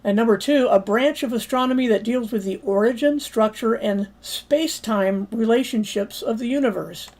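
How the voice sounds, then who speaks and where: A woman teaching a livestreamed Bible study in an argumentative lecturing manner, pausing to ask viewers for comments. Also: a little high, a little mellow.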